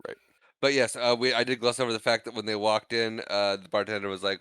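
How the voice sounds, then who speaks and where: A man with a mid-pitched, bright, clear voice, casually recapping a film on a podcast. He quotes characters with a laugh in his voice. The sound is dry and close. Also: flat delivery, fast, no echo. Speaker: podcast co-host. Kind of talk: casual movie chat.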